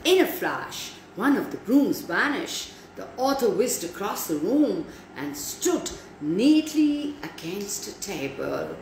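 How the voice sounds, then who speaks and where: A woman reading a story aloud for children in an animated way, speaking to her young listeners. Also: medium pitch, slow pace, hardly any pauses. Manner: animated, talks to listeners directly. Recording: echoey room, faint background noise.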